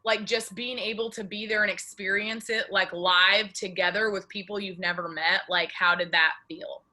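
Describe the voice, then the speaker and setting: A woman's voice: medium pitch, fairly even intonation, moderate pace, sharp tone. A woman leading a casual group video call, chatty and peppering her talk with "like". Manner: chatty, heavy use of "like". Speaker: team leader hosting a video call.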